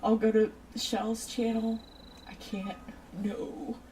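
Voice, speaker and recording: A woman's voice: on the high side, little pitch movement, takes it slowly, dark tone, far from the mic, slight background noise, rough recording. A woman chatting casually on a livestream, rambling off on tangents and talking straight to her viewers. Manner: talks straight to chat viewers. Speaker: streamer.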